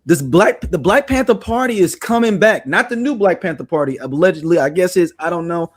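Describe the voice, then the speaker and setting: A man's voice: sits high, fairly quick. A man hosting a podcast, joking and telling stories in loose, casual chat. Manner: loose, joking, animated storytelling. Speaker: podcast host.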